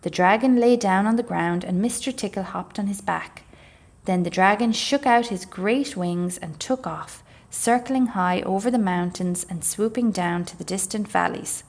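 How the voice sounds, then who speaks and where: A woman reads a children's storybook aloud for a library story time. Her delivery is expressive and measured, in a mid-range voice. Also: medium pitch.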